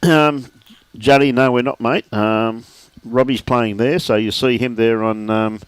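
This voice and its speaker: A man's voice: medium pitch, steady tone, a little slow, clear, resonant tone, no room sound. A man giving live lawn bowls commentary, chatty and joking, often calling people "mate".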